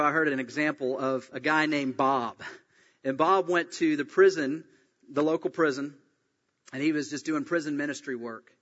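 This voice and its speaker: A man preaching a sermon as a pastor, telling a story with lively acted-out voices. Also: on the high side. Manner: animated storytelling, acts out quoted voices. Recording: dull sound, long reverb in a hall.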